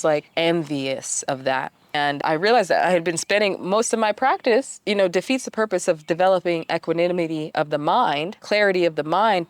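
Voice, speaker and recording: A woman vlogger telling a personal story in a candid, self-mocking way with lively asides. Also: on the low side, no echo.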